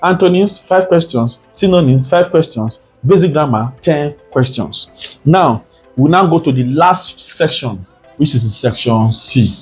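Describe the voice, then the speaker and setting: A man's voice: fairly high pitch, lively intonation, a little slow, darkish tone, soft background music. A man teaching an exam prep lesson, often repeating points and asking rhetorical "what?" questions. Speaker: tutor.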